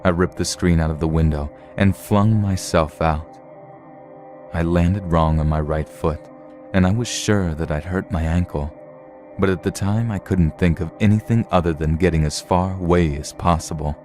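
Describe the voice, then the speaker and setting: Man, horror story narrator, low pitched, mellow tone, measured reading. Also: faint music behind. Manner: steady, measured storytelling read.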